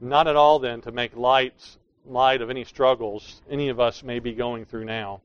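A male pastor delivers a sermon, stressing key words with emphatic, explanatory force. His voice sits at an ordinary middle pitch. The recording is dry and slightly dull, with no room echo. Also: little pitch movement, moderate pace, clean tone.

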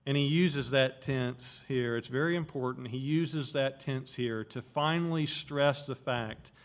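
A man's voice: medium pitch, measured pace. A man preaching an expository sermon, explaining Greek words of a Bible verse and stressing key phrases. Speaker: pastor.

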